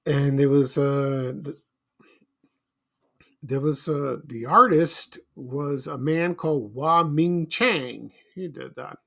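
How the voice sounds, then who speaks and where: A man's voice: mid-range voice, slow pace, gravelly, bright, forceful tone. A middle-aged man from Chicago hosting a casual solo podcast, rambling and nostalgic with many fillers and restarts. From Chicago, USA. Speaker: podcast host.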